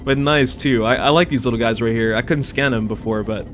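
A man's voice: medium pitch, brisk, fairly bright tone, slight background noise. A young man giving let's play commentary on a survival game, jumpy and swearing a lot, yelping and panicking whenever creatures come near. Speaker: gamer.

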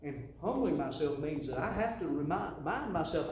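A man preaching a sermon, building to loud call-and-response with the congregation. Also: fairly high pitch, expressive, moderate pace, hardly any pauses, slight background noise. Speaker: pastor. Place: church sanctuary. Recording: echoey church hall, distant mic.

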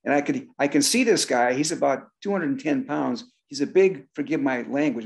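An older man, a drummer, telling an animated story on a talk show and acting out the voices of the people in it. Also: mid-range voice, normal speed, vocal fry. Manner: animated, acts out voices and shouts in his stories. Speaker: guest drummer.

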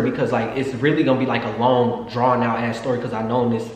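A man telling a storytime in a casual, excitable, profane way to his viewers. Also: medium pitch, brisk. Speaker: vlogger. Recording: echoey room with long reverb, faint noise.

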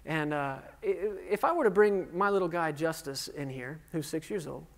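A man's voice: a little high, lively intonation, normal speed, gravelly. A man in his thirties preaching a sermon, quizzing the congregation and joking at his own expense. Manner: jokey and self-deprecating. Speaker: pastor. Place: church sanctuary. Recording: reverberant church hall.

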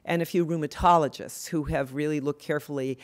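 A woman's voice: deep voice, fairly even intonation, a little fast. An older woman speaking earnestly and with passion at an award event, with frequent fillers and restarts. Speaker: award speaker, women's health advocate.

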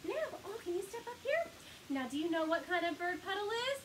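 Very high-pitched, sing-song woman librarian. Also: big pitch swings, brisk, a bit bright, a little hiss or hum. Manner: exaggerated, sing-song and cheerful, talking to small children. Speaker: children's librarian. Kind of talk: children's storytime.

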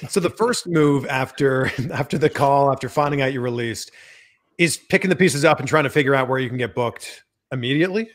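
A male host leads the interview with easy, conversational questions. His voice sits at a middle pitch. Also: a little fast. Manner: conversational, prompting.

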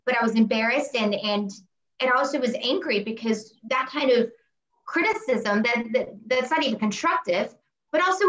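A woman's voice: a little high, fairly bright tone, roomy sound, highs cut off. An American woman, a historian and tour manager, speaking earnestly and candidly in a panel discussion over a video call. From United States. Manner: earnest, candid, with frequent restarts.

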